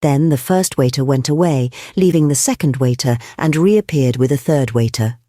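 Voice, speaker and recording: Measured audiobook narrator, dry sound. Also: medium pitch, mellow, dry recording. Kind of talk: scripted narration of a classic novel.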